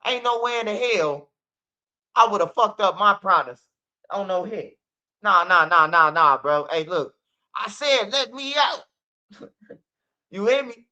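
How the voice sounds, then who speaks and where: A man spins a profane street story in his own channel's casual style, acting out the lines of everyone involved. His voice sits high and sounds sharp and forceful. The recording is muffled and lo-fi. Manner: animated, profane street storytelling with acted-out quotes. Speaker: channel host. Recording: dull lo-fi recording.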